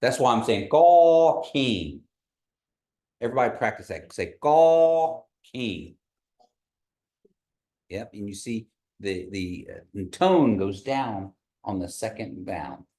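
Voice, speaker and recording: A man teaching an online language class over a video call, patiently repeating words slowly for learners. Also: on the low side, darkish tone.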